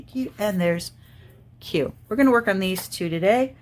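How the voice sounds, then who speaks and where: A middle-aged woman who hosts a crafting channel chats casually while working on a diamond painting. Her voice is medium-pitched and moderately paced, and she rambles as she thinks aloud.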